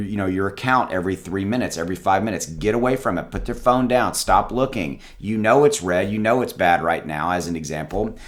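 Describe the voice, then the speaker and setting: A man vlogging casual investing advice to his viewers, talking loosely with many restarts and calling them guys. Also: on the low side. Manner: conversational, repeats words, addresses viewers as guys. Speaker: crypto YouTuber. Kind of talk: casual direct-to-camera advice. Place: home with dogs.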